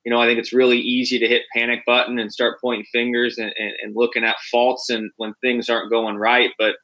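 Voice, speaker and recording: A man hosting a coaching podcast, talking in a measured, conversational way. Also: mid-range voice, completely flat delivery, sharp tone, rough recording. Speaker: podcast host. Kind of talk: casual interview talk.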